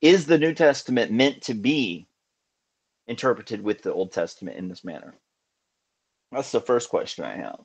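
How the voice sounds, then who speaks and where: A man's voice: mid-range voice, lively intonation, normal speed, gravelly, long pauses, breathy edge. A man hosting a casual live call-in show, talking in an earnest, musing way with many restarts.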